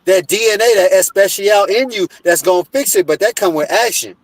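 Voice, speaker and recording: A man's voice: high voice, fairly quick, dry recording, poor audio. A man earnestly explaining a point in a casual discussion.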